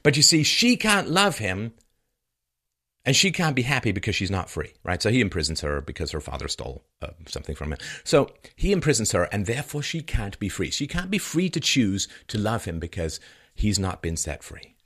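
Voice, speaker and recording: A man's voice: fairly low pitch, big pitch swings, fairly quick, sharp tone, slightly rough. A man giving an opinionated monologue, sarcastic and mocking, repeating points for emphasis. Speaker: commentator.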